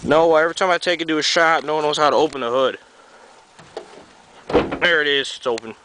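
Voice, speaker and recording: This casual rambling walkaround features a young New Yorker with a slight Southern tinge, a little sick, showing his truck to a handheld camera outdoors in the cold while rambling offhandedly and swearing casually. He talks fairly quickly in a fairly high voice with fairly even intonation, over a noisy background.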